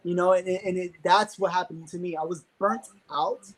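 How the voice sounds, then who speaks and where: A man's voice: high-pitched, steady tone, normal speed, low-quality recording. A young man as an interview guest, talking earnestly and casually with many fillers.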